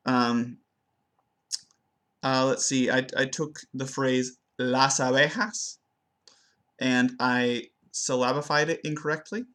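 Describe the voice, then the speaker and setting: Young male student, unhurried, halting self-review of his pronunciation, lots of ums and restarts. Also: mid-range voice, fairly bright tone. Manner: hesitant, many fillers and restarts, slows down to demonstrate words. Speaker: language student. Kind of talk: spoken self-assessment of pronunciation.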